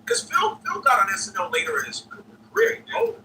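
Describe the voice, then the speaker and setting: High, wildly animated male storyteller. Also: brisk, far from the mic, poor audio. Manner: profane, acts out other people's voices. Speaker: comedian telling a story. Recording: played podcast clip, voice off-mic with faint noise.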